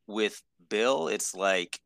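A man's voice: fairly low pitch, drawn-out words, gravelly, a bit bright, no room sound. A man co-hosting a podcast in casual chat, enthusiastic and rambling with lots of fillers. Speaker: podcast co-host.

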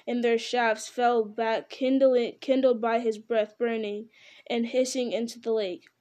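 A woman narrating an audiobook in a measured, dramatic storytelling manner. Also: a little high, a little mellow. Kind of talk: audiobook reading.

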